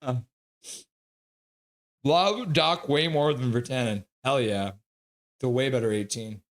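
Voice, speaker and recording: A man giving casual play-by-play on a live stream, excitably reading out viewers' chat messages. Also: mid-range voice, normal speed.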